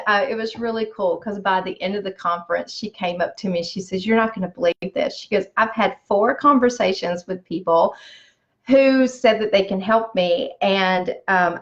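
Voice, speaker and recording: A woman in business telling a personal story, with lots of animated quoted dialogue. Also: mid-range voice, lo-fi sound. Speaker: business speaker.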